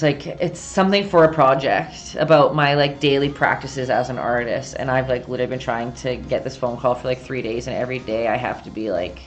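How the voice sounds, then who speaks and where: A woman's voice: deep voice, a bit bright. A woman giving a casual, rambling live-stream painting lesson, chatty and self-deprecating, often giggling.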